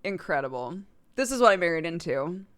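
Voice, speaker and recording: A woman's voice: lowish voice, very animated, brisk. A young woman who hosts a stream, telling a story casually and animatedly, filling her talk with "like" and laughs. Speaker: streamer host.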